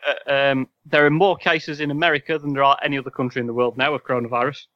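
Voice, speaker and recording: A man's voice: mid-range voice, flat delivery, fast talker, dry recording, muffled recording. A man hosting a casual podcast quiz, reading questions with wry, sarcastic asides. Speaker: podcast host and quizmaster.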